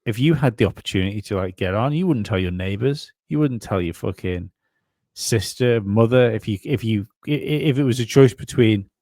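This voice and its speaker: A man's voice: fairly low pitch, brisk, mellow, no echo, studio quality. A man co-hosting a casual conspiracy podcast, rambling and swearing, often restarting his sentences. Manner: rambling, profane, many restarts. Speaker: podcast co-host.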